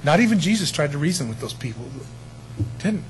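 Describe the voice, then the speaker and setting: Animated preacher man, fairly high voice. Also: brisk, a little hiss or hum, rough recording. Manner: animated, swings between quiet asides and loud emphasis; conversational, with audience asides. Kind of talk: sermon teaching.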